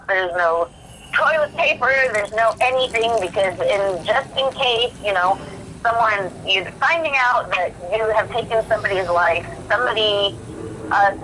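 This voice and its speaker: A woman's voice: mid-range voice, sharp tone, slight background noise, poor audio. A woman, a podcast guest speaking from prison, telling her own story candidly with many fillers and restarts, acting out what she thought at the time. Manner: rambling, filler-heavy, reenacts her own past thoughts in quotes.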